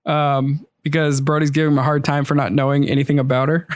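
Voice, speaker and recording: A man's voice: on the high side, flat delivery, brisk, dry recording, clean studio sound. A man on a podcast, recapping a movie's plot in casual chat and laughing often. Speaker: podcast host.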